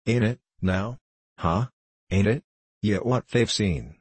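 A man reading the lines of an excitable, loud, quick-tempered young man in a novel, blustering and repeating himself. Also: on the low side, breathy edge, no echo. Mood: excited.

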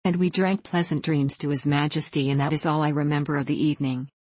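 A woman narrating a classic adventure novel in a measured storytelling way. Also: sits low, fairly even intonation, darkish tone, dry recording. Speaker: audiobook narrator. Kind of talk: audiobook reading of a classic novel.

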